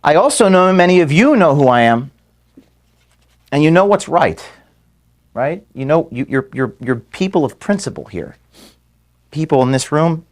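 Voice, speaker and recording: A man choking up delivers a faltering farewell address to his staff from an office, repeating words and apologizing for his emotion. His voice runs on the high side with big swings in pitch.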